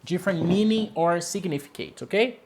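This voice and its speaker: A man's voice: sits high, brisk, gravelly, very noisy. A man with a Brazilian Portuguese accent, a native Portuguese speaker teaching English one-on-one, repeating key words and often checking "okay?".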